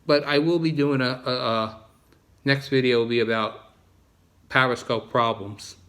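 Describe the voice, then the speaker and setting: Rambling New Jersey man, bright voice. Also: mid-range voice, steady tone, measured pace. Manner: repetitive, frequent restarts. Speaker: vlogger. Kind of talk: casual rambling monologue.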